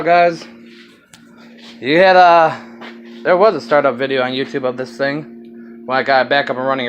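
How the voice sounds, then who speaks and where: A man's voice: mid-range voice, dull audio. A man with a slight Southern accent filming a rambling, casual walkaround of his car project, swearing now and then.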